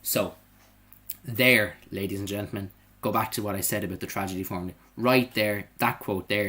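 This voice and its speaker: A man leads a live online revision class in a chatty, animated way, often tagging "okay?" onto his points. His voice sits a little low. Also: normal speed. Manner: lively, conversational, keeps checking in with "okay?". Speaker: English teacher.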